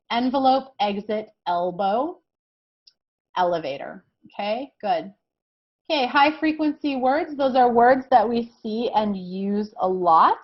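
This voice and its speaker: A woman leads a recorded kindergarten lesson in a high, gentle voice. She speaks slowly and encouragingly and keeps checking in with the children. The sound is a little dull and lo-fi. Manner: slow, encouraging, sing-song teacher talk with many "okay?" checks. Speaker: kindergarten teacher.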